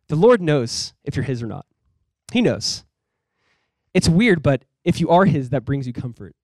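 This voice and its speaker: A male pastor in his thirties preaching a sermon in a conversational, animated way, with quick asides. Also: on the high side, no echo.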